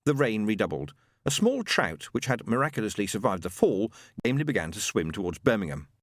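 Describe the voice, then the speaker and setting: A man narrating an audiobook in an expressive, wry way. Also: on the low side, fairly quick, no echo. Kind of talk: scripted narration.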